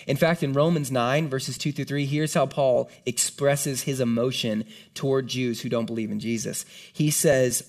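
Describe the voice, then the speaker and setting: A man's voice: medium pitch, steady tone, moderate pace, few pauses. A man preaching a sermon to a congregation in an earnest, conversational way, often dropping in "like". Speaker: pastor.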